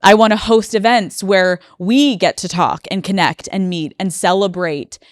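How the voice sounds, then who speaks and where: A woman's voice: medium pitch, moderate pace, dry recording. A young woman hosting a solo podcast, talking in an emotional, confessional way and close to tears, recorded on a studio microphone. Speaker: podcast host. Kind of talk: personal solo podcast monologue.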